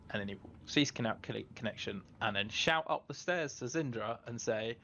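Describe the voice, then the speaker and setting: A man playing a tabletop role-playing game runs two characters in casual chat, talking hesitantly with many fillers and self-corrections. His mid-range, sharp-toned voice is animated, moderately paced with few pauses, on dull audio with a little hiss or hum.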